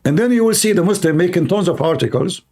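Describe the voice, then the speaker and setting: A man's voice: high-pitched, lively intonation, fast, darkish tone. A man hosting an online talk show, arguing in a sarcastic tone and firing off rhetorical questions. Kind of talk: argumentative commentary.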